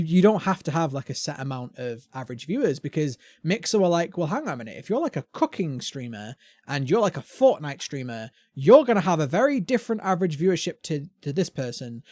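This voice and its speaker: A British man hosts a casual gaming podcast, ranting about platforms with lively, swooping intonation. His voice sits slightly high, and the recording is close and dry with no room sound. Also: fairly quick, no echo. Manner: animated ranting, mimics voices. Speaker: podcast host.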